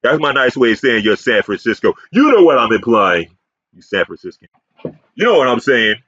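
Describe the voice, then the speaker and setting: A man's voice: mid-range voice, sing-song, normal speed, a bit bright, no echo. A man giving a combative, profane, rambling ranting commentary as a YouTube commentator. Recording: dull, muffled sound.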